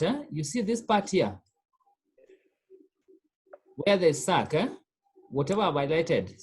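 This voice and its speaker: A teacher with a husky, mid-range voice gives a French pronunciation lesson, drilling the students and answering their own questions with "what?".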